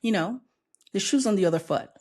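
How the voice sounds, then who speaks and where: A young American woman hosts her own vlog, reacting to the news in a casual, gleeful way. She is sassy and outspoken, with a voice of middling pitch. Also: lively intonation, a little fast, dark tone. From United States.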